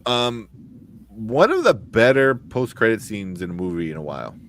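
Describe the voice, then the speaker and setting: Low-voiced man in a rambling chat. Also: very animated, normal speed, fairly bright tone, slight background noise. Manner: rambling, retells movie scenes with quoted voices. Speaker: podcast co-host. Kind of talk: casual chat.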